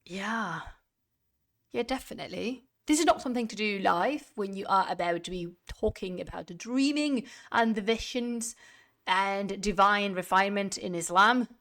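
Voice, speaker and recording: A woman's voice: medium pitch, normal speed, a bit bright. Chatty woman streamer, rambling. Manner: chatty, rambling with many restarts. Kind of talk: casual live-stream chat. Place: home room. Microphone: desk mic, sitting away from it.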